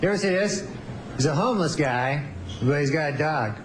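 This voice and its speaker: A man doing deadpan stand-up, rambling and halting on purpose. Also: on the high side, a little hiss or hum, low-quality recording. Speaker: stand-up comedian.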